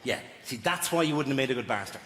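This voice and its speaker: A man's voice: mid-range voice, lively intonation, rapid-fire. A man doing live stand-up comedy, chatting with and teasing the crowd, often acting out voices. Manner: chatty, mocking, acts out voices. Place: large theatre stage. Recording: live theatre reverb, crowd noise. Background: audience laughter.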